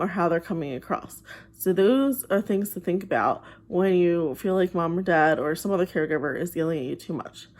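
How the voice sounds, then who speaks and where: A woman speaks in a mid-range voice, gentle and patient, as if explaining something simple to a child. She sounds like a therapist giving advice straight to the camera. Now and then she slips into quick impressions of a parent's voice. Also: medium pitch. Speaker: behavioral therapist.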